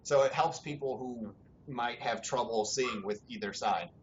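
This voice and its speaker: A young man hosting a casual gaming podcast, rambling in a relaxed way, swearing freely and laughing often. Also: mid-range voice, moderate pace. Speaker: podcast host. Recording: dull lo-fi sound, faint background noise.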